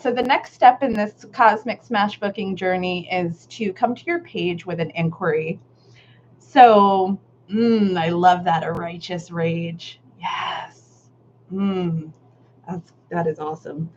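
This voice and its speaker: A woman's voice: fairly low pitch, slow. A woman leading a live online art workshop, reading out participants' comments in a casual, affirming way, laughing often and sometimes swearing. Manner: warm, affirming, casual with Southern "y'all". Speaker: workshop facilitator. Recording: slightly dull live-stream audio with faint noise.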